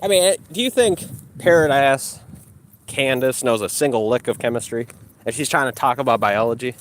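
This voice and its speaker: A man's voice: medium pitch, normal speed, slight background noise. A man ranting and mocking his critics with heavy profanity while he exercises outdoors. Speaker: livestreamer.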